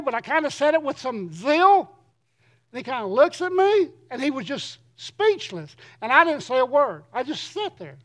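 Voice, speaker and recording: A middle-aged man, a pastor, preaching a sermon in an earnest way and reading scripture slowly with emphasis. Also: extremely high pitch, sing-song, a bit bright.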